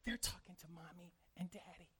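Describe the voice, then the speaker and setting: A man's voice: high voice, steady tone, fairly quick, breathy edge, full character voice. A man voicing a small boy who whispers into a phone, in a whispered role-play during a sermon joke. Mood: hushed. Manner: hushed whisper.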